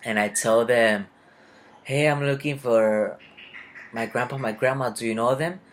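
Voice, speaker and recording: A man's voice: mid-range voice, fairly even intonation, unhurried, a little hiss or hum. Rambling young man telling a story. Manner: rambling, confused, retells conversations in quotes. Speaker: vlogger. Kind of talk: casual storytelling.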